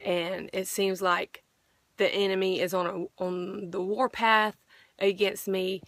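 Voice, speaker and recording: A woman's voice: mid-range voice, flat delivery, takes it slowly, a bit bright, dry recording. Earnest, rambling woman sharing her faith. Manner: earnest, rambling with many restarts. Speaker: vlogger sharing testimony. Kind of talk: personal faith testimony.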